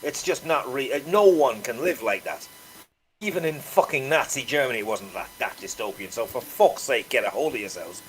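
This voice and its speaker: A man's voice: mid-range voice, animated, normal speed, slight background noise, rough recording. A man, chatting casually about politics in a rambling, profane way with many restarts.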